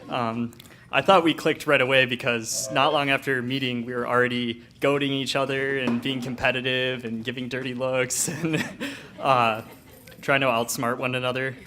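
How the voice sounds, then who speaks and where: Friend of the couple: easygoing man of middle pitch, chatty and chuckling through his toast. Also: steady tone, normal speed, bright, forceful tone, a little hiss or hum. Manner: conversational, chuckling, with frequent fillers. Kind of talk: wedding toast. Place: wedding reception.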